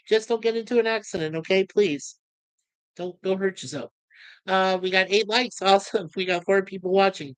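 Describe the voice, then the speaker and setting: A man's voice: sits high, smooth, no room sound. A middle-aged man hosting a livestream, chatting casually and rambling as he reads viewer comments. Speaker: livestream host.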